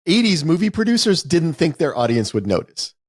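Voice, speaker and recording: A man co-hosting a podcast, retelling a film's plot in a casual, explanatory way with slow, deliberate stretches. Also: on the high side, sing-song, breathy edge, no echo, studio quality. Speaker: podcast co-host. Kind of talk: casual film review chat.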